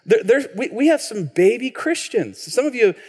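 A man in his thirties from Washington state, a pastor preaching a sermon in an animated, conversational way, with frequent restarts and questions to the congregation. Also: very high voice, moderate pace, breathy edge. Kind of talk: sermon with personal storytelling. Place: church sanctuary. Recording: long reverb of a church hall.

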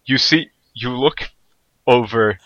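A man narrating a tabletop game as game master in a calm, descriptive way. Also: medium pitch, slow pace, no room sound, highs cut off.

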